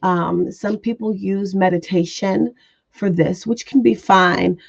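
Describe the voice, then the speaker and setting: A woman's voice: medium pitch, steady tone, slow pace, vocal fry, dry recording, muffled recording. A woman teaching remote viewing in a spoken presentation, earnest, repeating phrases with many fillers.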